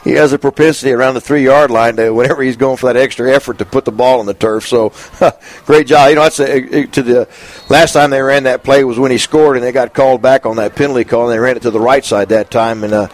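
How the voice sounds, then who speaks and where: Mid-pitched guy breaking down football plays, slow and easygoing, lots of uhs and little laughs. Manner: relaxed, drawn-out analysis with many fillers and chuckles. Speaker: color commentator. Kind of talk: sports color commentary. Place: press box above the field.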